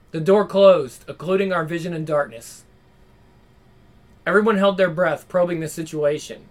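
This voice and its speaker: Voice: mid-range voice, normal speed, faint music behind. A reader narrating a horror visual novel aloud, dramatic and broken by nervous laughs.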